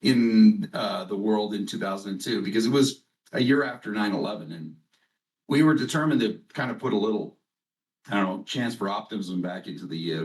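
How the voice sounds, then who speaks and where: A man's voice: fairly low pitch, recorded from a distance, rough recording. A man hosting a company conference call, telling rambling stories and joking as he introduces a guest. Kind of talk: casual conference call chat.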